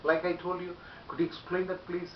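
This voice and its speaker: Man, english phrases teacher, raised voice, animated, echoey room, distant hissy dull recording. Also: high-pitched, a little fast. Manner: animated, repeats example phrases loudly and often. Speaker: English communication skills teacher. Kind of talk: spoken English lesson.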